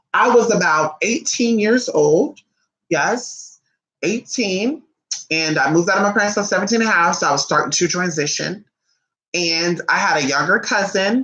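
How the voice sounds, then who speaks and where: Young adult woman, casual storyteller, profane and animated, bright tone, roomy echo. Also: on the low side. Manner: animated, profane, acts out quotes in shifting voices. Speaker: vlogger. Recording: echoey room.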